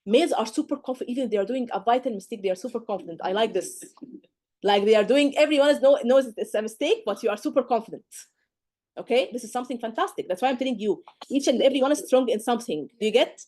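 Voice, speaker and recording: Emphatic woman tutor, warm higher voice. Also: fast talker. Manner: emphatic, keeps checking understanding with "okay?" and "do you get?". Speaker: medical exam tutor. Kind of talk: live lecture to students.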